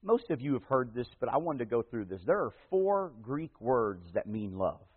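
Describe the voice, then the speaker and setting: A man preaching a sermon as pastor, telling a personal story in a folksy way, moving between loud emphatic passages and hushed slow ones. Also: mid-range voice, big pitch swings, husky. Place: church. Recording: tinny phone-like radio broadcast in a big reverberant hall.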